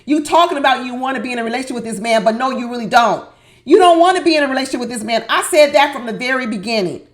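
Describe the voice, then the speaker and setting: A woman's voice: sits high, racing. A woman giving sassy, exasperated commentary on a reality show, hammering her points with emphatic repetition. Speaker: reality TV recap host.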